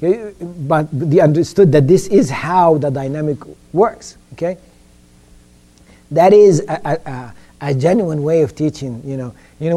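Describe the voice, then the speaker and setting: A man's voice: fairly high pitch, mellow. A man giving an informal religious education lecture, stumbling and repeating words and often checking in with "okay?". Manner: halting, repeats words, keeps asking "okay?".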